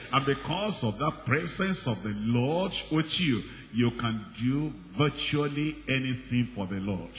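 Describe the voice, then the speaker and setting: Emphatic male preacher in a reverberant hall. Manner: emphatic, repeats phrases and swells in pitch and volume. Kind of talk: sermon. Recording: reverberant hall with faint background noise.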